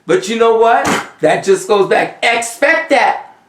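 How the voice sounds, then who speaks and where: A man with a Haitian accent, a vodou priest giving animated, emphatic spiritual advice in a casual monologue. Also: very high-pitched, slow pace. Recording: roomy sound, distant from the mic.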